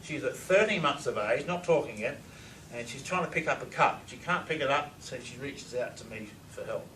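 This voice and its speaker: A man's voice: medium pitch, animated, normal speed, pushed and bright. Enthusiastic man lecturing in an echoey room. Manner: enthusiastic, asks the audience questions. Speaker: lecturer on reverse speech. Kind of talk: presentation to a live audience. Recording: echoey room, distant mic, faint noise.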